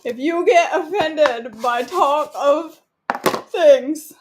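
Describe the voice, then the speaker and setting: A woman's voice: high voice, drawn-out words, noisy background. A woman, chatting and joking to herself while she cooks for her vlog. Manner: giggly, joking, talks to herself. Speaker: cooking vlogger. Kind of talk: casual chat while cooking.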